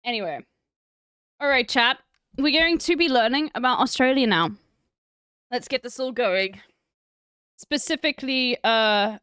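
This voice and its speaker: A woman voice actor chatting with her stream in a loose, rambling way. She fills her sentences with fillers. Her voice is a little high, and the sound is dry and close. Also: unhurried, pauses often, sharp tone, clean tone, dry recording. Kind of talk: casual live-stream chat.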